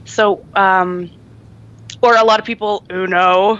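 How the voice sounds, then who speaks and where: A woman's voice: mid-range voice, fairly even intonation, slow, a bit bright, lo-fi sound. A woman co-hosting a podcast in casual chat, chatty and laughing often, with many ums. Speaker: podcast co-host.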